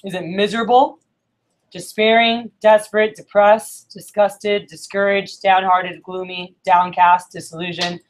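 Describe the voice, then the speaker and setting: Woman speaker at a group meeting. Casual storyteller, mid-pitched, chatty, with lots of "like" fillers. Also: fairly even intonation, unhurried. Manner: chatty, fills with "like" and checks in with "right?".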